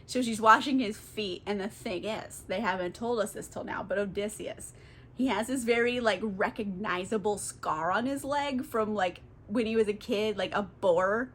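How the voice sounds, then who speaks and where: A woman's voice: medium pitch, normal speed, fairly bright tone, slight background noise. Tipsy young woman retelling a book. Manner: profane, rambling, lots of fillers. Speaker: book vlogger. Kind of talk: casual comedic book retelling.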